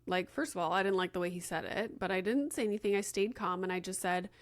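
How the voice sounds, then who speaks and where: A woman's voice: mid-range voice, fast, few pauses. A woman in her thirties hosting a podcast, casually telling a story with lots of "like" fillers and acted-out dialogue. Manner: chatty, many "like" fillers, acts out quoted dialogue. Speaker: podcast host.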